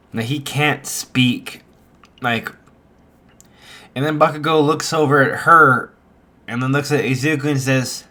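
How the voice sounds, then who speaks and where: A man's voice: medium pitch, slow pace, pauses often, sharp tone. A man improvising a fan story, rambling with many fillers and restarts. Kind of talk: improvised fan fiction narration.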